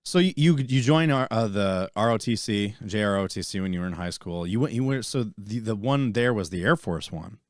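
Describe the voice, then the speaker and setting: A man hosting a podcast, talking in an animated way and swearing freely. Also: fairly low pitch, brisk, few pauses, dry recording, studio quality. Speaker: podcast host. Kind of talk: casual interview.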